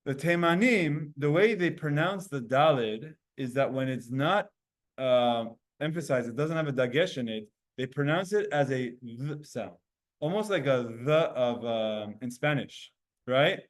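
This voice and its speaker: A man teaching a Talmud class to students, animated and explaining with spoken demonstrations of sounds. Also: medium pitch, measured pace. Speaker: Torah teacher.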